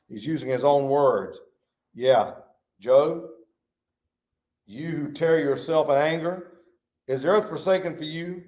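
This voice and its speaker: A man's voice: medium pitch, a little slow, long pauses, darkish tone, muffled recording. A man teaching a Bible study in a folksy, emphatic way, reading scripture aloud.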